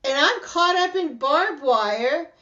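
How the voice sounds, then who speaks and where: A woman tells a story as a podcast host, lively and chatty. She acts out what people said in shifting voices. Her voice sits a little high, and the recording sounds muffled and lo-fi. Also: takes it slowly. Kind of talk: casual storytelling chat. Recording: dull lo-fi sound.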